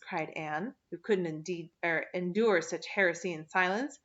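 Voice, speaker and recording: A woman's voice: fairly low pitch, moderate pace, a bit bright, muffled recording. A woman reading a novel aloud in a plain manner, with small slips and self-corrections. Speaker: audiobook reader.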